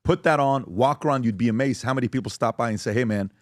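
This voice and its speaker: A man's voice: mid-range voice, fast talker, dry recording. Upbeat male podcast host, dry sound. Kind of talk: casual podcast hosting, promoting merchandise.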